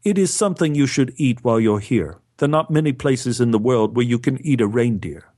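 A polite hotel clerk who answers everything flatly and literally, as a storyteller plays him. His voice is a man's middle-pitched everyday voice, formal and matter-of-fact. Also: fairly quick, dry recording, studio quality, close to an everyday voice.

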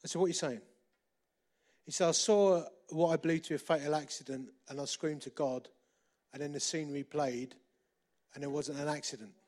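Middle-aged male preacher, slightly high voice, storytelling sermon with loud and hushed turns. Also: fairly quick, long pauses. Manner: lively, repeats phrases for emphasis, shifts between loud and hushed.

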